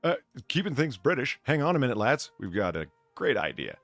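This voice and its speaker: A man chats casually as a podcast host, his pitch swinging widely as he reads headlines and swears through stumbling restarts. The recording is dry and close. Faint music plays behind him. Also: big pitch swings, a little fast, a bit bright, no echo. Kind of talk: casual chat reading news.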